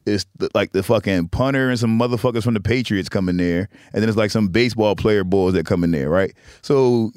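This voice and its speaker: A man and comedian telling stories in casual podcast chat, animated and full of slang. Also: on the low side, brisk, hardly any pauses, clean tone, no room sound, studio quality.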